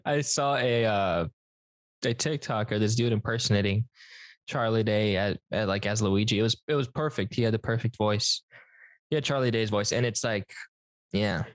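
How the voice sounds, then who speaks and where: Hesitant man, relaxed podcast co-host. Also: fairly low pitch, no echo. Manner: hesitant, halting, full of filler words. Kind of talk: casual chat.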